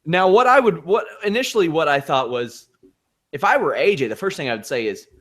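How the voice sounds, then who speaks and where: A man co-hosting a wrestling podcast in casual, joking chat. His voice sits slightly high and swings widely up and down as he teases his co-hosts. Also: brisk. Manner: animated, jokey, teasing. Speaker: podcast co-host.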